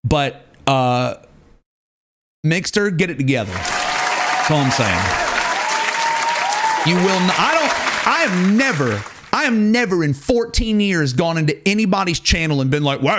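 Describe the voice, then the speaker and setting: A man's voice: sits high, a little hiss or hum. A male streamer chatting live, ranting emphatically and repeating words for effect. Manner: animated, ranting, emphatic repetition.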